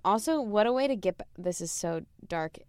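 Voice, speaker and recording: A woman's voice: mid-range voice, expressive, a little fast, a little mellow, smooth, dry recording. A woman co-hosting a podcast who jokes and talks in a chatty, rambling way in casual conversation. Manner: chatty, joking, many "like" fillers. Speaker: podcast co-host. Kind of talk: casual book discussion.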